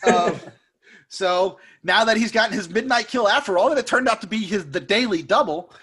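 A man co-hosting a podcast, recapping a film in a casual, jokey way and slipping into squeaky impressions. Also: moderate pace, breathy edge. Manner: animated storyteller who puts on squeaky impressions; jokey, laughs often. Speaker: podcast co-host.

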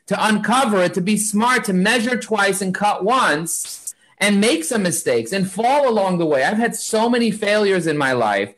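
A man with a notably high-pitched voice speaks as an interview guest, full of energy and preachy drive. He stacks his points in repeated lists, hammering each idea home the way a motivational speaker would. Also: fairly bright tone. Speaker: guest, marketing agency founder.

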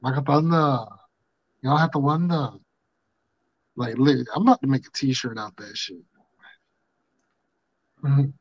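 A man's voice: medium pitch, vocal fry, no echo. A man hosting a podcast in casual, rambling banter, laid-back and swearing freely, on dull lo-fi audio. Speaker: podcast host.

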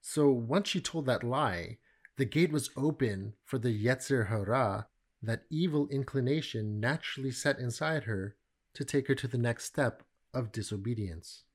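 A middle-aged man teaching from the Bible in a relaxed, conversational way, with animated storytelling. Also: mid-range voice, moderate pace.

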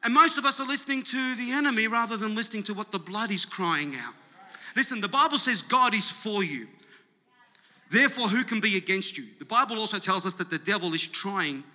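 A male pastor preaching to his congregation, his high, very bright and forceful voice climbing into emphatic, rousing calls. The sound carries a long reverb from a large church hall. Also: lively intonation, a little fast. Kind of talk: sermon.

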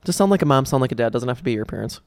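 A woman hosting a podcast, teasing her guests in a quick, playful way. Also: extremely low pitch, animated, a little mellow. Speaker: podcast host. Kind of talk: casual chat.

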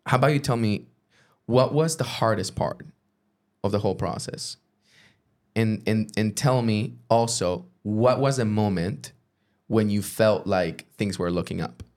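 A man's voice: lowish voice, unhurried, darkish tone. A man hosting a podcast, asking casual interview questions in an encouraging, affirming way. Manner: encouraging, affirming with frequent murmurs. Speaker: podcast host.

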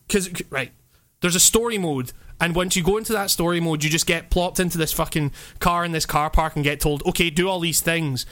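A man talks about games in a loose, rambling way, piling up fillers and swear words between bursts of laughter. His voice sits a little high and rings very bright. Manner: animated, laughing. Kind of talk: casual chat.

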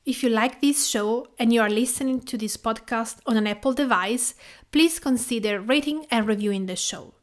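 Italian-accented female podcast host, slightly high voice, calm scripted delivery. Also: normal speed. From Tuscany, Italy.

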